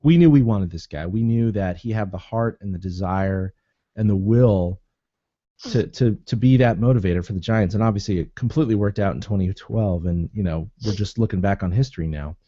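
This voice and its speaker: A man co-hosting a podcast, chatting in a jokey, animated way and laughing often. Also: fairly low pitch, fairly quick, dry recording, highs cut off. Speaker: podcast co-host. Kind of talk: casual sports chat.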